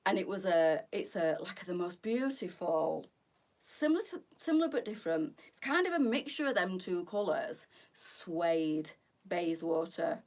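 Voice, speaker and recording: A woman's voice: fairly low pitch, big pitch swings, unhurried, a little mellow, recorded from a distance. A middle-aged woman, hosting a live boutique try-on with bubbly, gossipy chat and frequent laughter. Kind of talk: chatty live-stream fashion talk.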